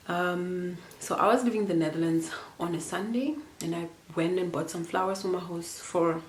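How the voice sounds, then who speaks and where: A woman's voice: on the low side, normal speed, reverberant, slight background noise. A young woman from Namibia telling a personal story to camera in a casual, rambling and emotional way, with many fillers and restarts. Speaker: vlogger.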